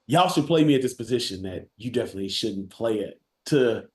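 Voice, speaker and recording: A man on a podcast telling a long story in a relaxed, animated way, acting out quotes and laughing often. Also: medium pitch, brisk, roomy sound. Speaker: guest, college football player developer.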